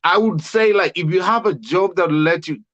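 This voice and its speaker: A man from Africa with an African accent, a guest on a live video call, telling stories in an animated way and acting out what he says to people. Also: high-pitched, moderate pace. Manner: animated storyteller, acts out his own quotes. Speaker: guest caller. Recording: muffled lo-fi call audio.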